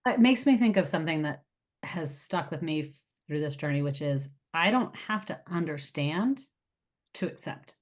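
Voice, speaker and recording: A middle-aged woman with a low-pitched voice talks in a casual group discussion. She speaks earnestly and with emotion, pausing and restarting as she works through hard thoughts. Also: expressive. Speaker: podcast co-host.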